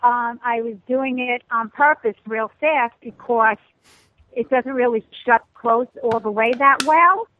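A middle-aged woman calling in by phone, telling stories about herself in an animated, self-mocking way. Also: on the high side, measured pace, no room sound. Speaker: guest caller, host's mother. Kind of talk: phone-in chat. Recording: tinny, dry phone line.

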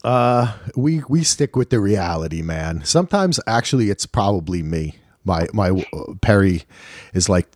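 A low-pitched man co-hosting a podcast in relaxed, lively chat. He acts out quick back-and-forth exchanges as he talks. The recording is dry, with no room sound. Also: no room sound. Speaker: podcast co-host. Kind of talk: casual chat.

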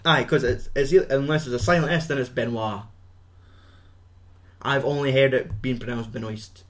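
A man hosts a podcast, recapping a film in a loose, rambling way. His voice sits in an ordinary middle pitch. He swears freely and laughs between lines. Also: steady tone, moderate pace, a bit bright. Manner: rambling, profane, laughs often. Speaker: podcast host. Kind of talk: casual film recap chat.

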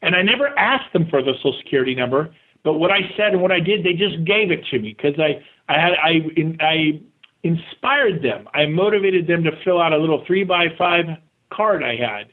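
A man talking as a guest in an interview, energetic and motivational, speaking in quick bursts and acting out the voices of the people he quotes. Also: a little high, low-quality recording. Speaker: real estate agent and guest. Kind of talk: casual interview talk.

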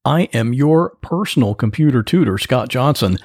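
A man hosts a solo podcast in a relaxed, plain-spoken, folksy manner. His voice is gravelly and a bit high, and his pitch swings widely as he talks. The close mic picks up very little room sound. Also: normal speed, no room sound. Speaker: podcast host, computer repair tech. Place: home office.

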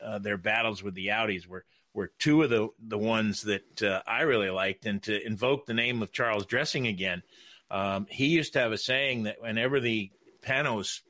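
Bright-voiced man telling racing stories. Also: on the low side. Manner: halting, many restarts, laughs often. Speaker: racing broadcaster. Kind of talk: casual panel chat, storytelling.

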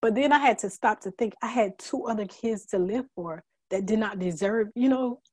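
A middle-aged woman as a guest, telling her story candidly in an earnest, halting way, holding back tears. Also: medium pitch, a little mellow, no room sound. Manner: earnest, halting, many fillers and restarts; emotional, fighting back tears. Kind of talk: candid conversational testimony.

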